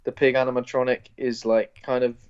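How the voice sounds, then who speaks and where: A man's voice: mid-range voice, flat delivery, fairly quick, clean tone. Blunt man on a dull phone mic. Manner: blunt, self-mocking, mild swearing. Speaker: podcast co-host. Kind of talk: casual chat. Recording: dull phone-recorded sound.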